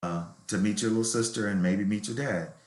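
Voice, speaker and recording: A middle-aged man with a low voice tells a personal story candidly and reflectively. His voice carries a roomy echo, as in an interview recorded in an open room. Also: brisk. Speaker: novelist guest.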